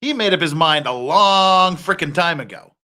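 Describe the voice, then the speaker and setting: Here a man with a fairly high pitch hosts reaction commentary, speaking at moderate speed. He rants with heat and animation, swearing frequently.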